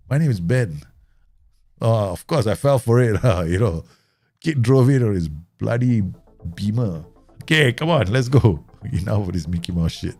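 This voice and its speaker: A man casually commenting while he plays a football management game, excitable and laughing often. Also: moderate pace, dry recording, faint music behind. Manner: excitable, laughs often, animated pitch swings. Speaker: gaming streamer.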